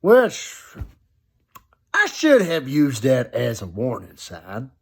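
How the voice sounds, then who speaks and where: Still coughing a bit after his illness, a young vlogger on his home sofa tells a rambling, cuss-filled story of being sick in casual vlog style. His mid-range voice swoops wildly in pitch at a slow pace, creaky with a breathy edge.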